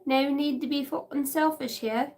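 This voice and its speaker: A woman's voice: sits high, fairly even intonation, normal speed, a little mellow. A middle-aged woman on a vlog who chats in a rambling way, swears freely, laughs often and jumps from story to story. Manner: profane, laughs often, jumps between stories. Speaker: channeler and card reader. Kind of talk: rambling casual vlog chat.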